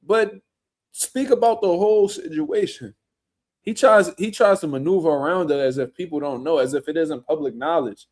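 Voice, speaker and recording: Profane, ranting man, slightly high voice. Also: moderate pace. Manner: blunt, profane, slangy, animated ranting. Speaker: boxing commentary show host. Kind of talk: casual reaction commentary.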